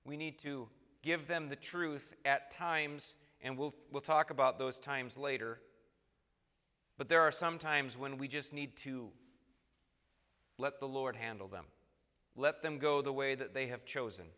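A man's voice: medium pitch, measured pace, sharp tone, in a large hall. A man preaching an earnest, emphatic sermon and reading scripture aloud.

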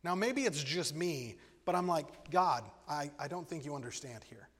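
Guy preaching a sermon, kinda high voice, lively, long echo from the hall. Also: moderate pace, husky. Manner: animated, acts out voices in stories. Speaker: pastor.

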